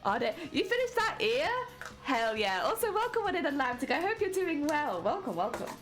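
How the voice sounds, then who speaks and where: A young woman with a British accent talks casually to her live-stream viewers as she works on a craft. Her voice swoops widely up and down in a sing-song way. Soft music plays faintly underneath. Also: big pitch swings, fairly quick. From Britain. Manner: chatty, greets viewers warmly, sing-song pitch jumps.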